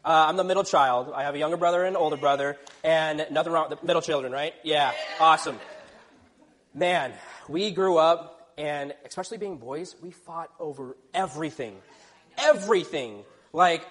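A young man from Texas, serving as youth pastor, preaching a lively, joking sermon in a church. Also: fairly high pitch, normal speed. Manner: energetic, joking, playful asides. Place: church sanctuary. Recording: reverberant church hall.

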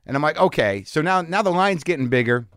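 A man hosting a podcast, telling a story in a casual, animated way and acting out the people in it. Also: on the high side, fast talker, clear, resonant tone, no room sound, studio quality. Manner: animated, acts out the people in his stories. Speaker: podcast host. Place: home garage studio.

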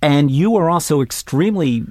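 A man's voice: fairly high pitch, lively intonation, normal speed, darkish tone, dry recording, studio quality. A man hosting an interview show, delivering an upbeat scripted introduction before interviewing his guest. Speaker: podcast host and interviewer.

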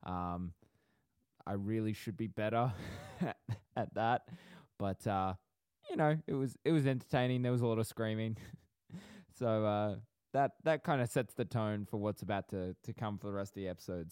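A man's voice: on the low side, normal speed, darkish tone, clean tone, no room sound. A young man co-hosting a podcast, chatting playfully and laughing easily. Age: young adult. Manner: playful, laughing, good-humored. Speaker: podcast co-host. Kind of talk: casual chat.

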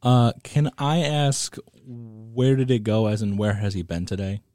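A man's voice: lowish voice, fairly even intonation, measured pace, mellow, no room sound, clean studio sound. A man playing a tabletop game, hesitant and thinking aloud about the rules. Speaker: player.

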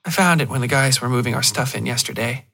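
A man's voice: medium pitch, fast talker, gravelly, sharp tone. A man voicing an eager young woman writer, upbeat and a little apologetic, in a storytelling podcast.

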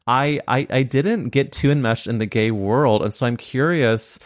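A man's voice: mid-range voice, moderate pace. A man hosting a podcast, chatting casually in a campy, teasing way. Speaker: podcast host.

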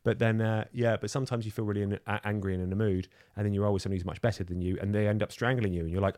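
A man in his thirties chats casually and quickly. His voice sits a little low. He acts out the voices of people in his stories, and the sound is dry and close-miked. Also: no echo. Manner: animated storyteller, acts out quoted voices. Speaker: podcast co-host. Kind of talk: casual chat.

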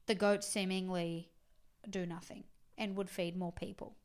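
A woman's voice: lowish voice, unhurried. A woman co-hosting a casual podcast, animatedly recapping a TV show and acting out quotes. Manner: animated storyteller, acts out quotes, swears. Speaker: podcast co-host.

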